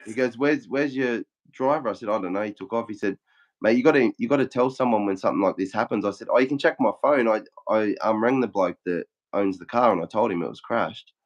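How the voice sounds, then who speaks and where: A man's voice: fairly low pitch, fast. Swearing Australian man, lo-fi sound. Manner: swears a lot, acts out quotes in a flat retelling. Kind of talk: casual chat.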